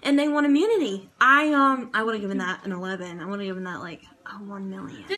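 A woman's voice: mid-range voice, fast talker, bright, forceful tone, rough recording. A woman chatting casually in a vlog review of a TV show, gushing and rambling with lots of fillers. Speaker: vlogger reviewing a TV dance show.

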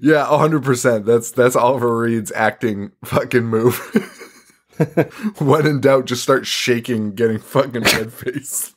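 A man's voice: mid-range voice, a little slow. A man co-hosting a podcast, casually recapping a film with lots of swearing, laughter and mocking quotes. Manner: profane, laughing, rambling recap with mock quotes. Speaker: podcast co-host. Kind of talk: casual chat recapping a movie.

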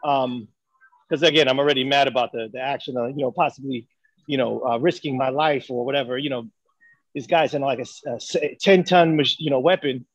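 A man's voice: medium pitch, no room sound, lo-fi sound. A man co-hosting a casual debate chat, speaking earnestly and thinking aloud with many fillers. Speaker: podcast co-host.

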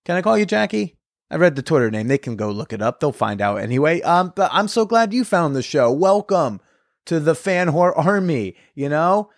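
Excitable young man hosting a podcast. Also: fairly high pitch, moderate pace, dry recording, studio quality. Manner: excitable, swears freely, frequent restarts. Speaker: podcast host. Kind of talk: casual chat.

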